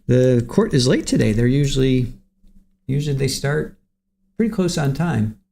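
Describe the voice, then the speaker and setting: A man's voice: medium pitch, expressive, moderate pace, creaky, mellow. A man hosting a livestream, greeting viewers from the chat by name and chatting casually while waiting for court to start. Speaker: livestream host.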